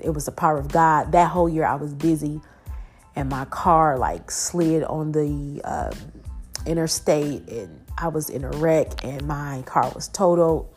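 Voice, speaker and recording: Female podcast host and preacher, low register, earnest and frank faith testimony. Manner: earnest, frank, many fillers and restarts.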